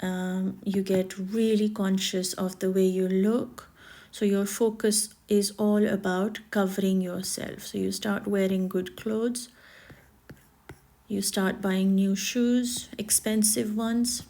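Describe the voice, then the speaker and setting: Soft gravelly woman musing while she draws. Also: mid-range voice, little pitch movement, slow pace. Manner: gentle, reflective, slips into soft whispers and quoted nagging voices. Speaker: art healer and spiritual speaker. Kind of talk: reflective spoken monologue while drawing.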